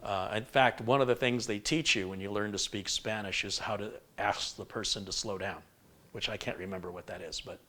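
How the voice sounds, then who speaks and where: Male live-stream host with a lowish voice, rambling and chatty, reads out viewer comments. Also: steady tone, fairly quick, bright, forceful tone, slight background noise. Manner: rambling and chatty, often laughing and reading viewer comments aloud. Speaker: PC building livestream host. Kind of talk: casual live-stream chat.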